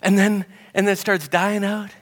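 A man preaching from the front, telling a story with growing animation and a voice that sits somewhat high. His voice carries a long reverb from the hall around him. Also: moderate pace. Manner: animated storyteller, rising pitch when excited. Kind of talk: sermon storytelling.

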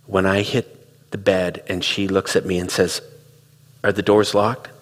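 A man's voice: sits low, little pitch movement, unhurried, long reverb tail. A middle-aged man giving a reflective, conversational talk, telling stories and acting out quoted dialogue. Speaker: speaker on relationships.

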